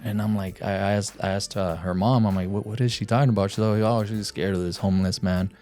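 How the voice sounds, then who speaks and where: A man hosting a podcast, telling stories in a casual, relaxed way and often checking in with "you know what I'm saying". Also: on the low side, fast, soft background music. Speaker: podcast host. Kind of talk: casual chat.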